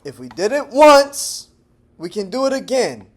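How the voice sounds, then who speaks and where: Animated man with a lively, swinging voice. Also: unhurried. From Texas, United States. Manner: animated and digressive, swings between loud bursts and low murmurs, laughs often. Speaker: language-learning vlogger. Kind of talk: casual talking-head monologue.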